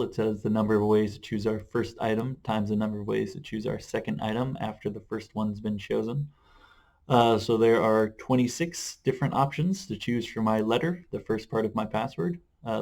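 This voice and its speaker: A man explaining math in a video lesson, relaxed, with frequent "uh" fillers. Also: lowish voice. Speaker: math teacher.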